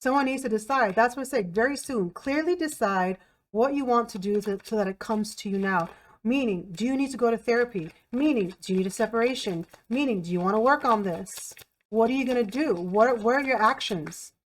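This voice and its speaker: Speaking to camera as a tarot reader, a woman delivers her reading bluntly and emphatically, repeating herself and swearing freely. Her voice sits fairly high and moves fairly quickly.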